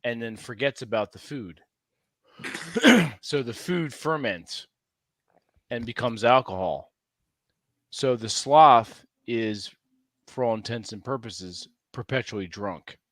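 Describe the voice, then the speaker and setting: A man's voice: medium pitch, slow pace, pauses often, no room sound. A man co-hosting a casual podcast, telling stories and laughing often through crude banter. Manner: laughs often, animated storytelling. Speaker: podcast co-host.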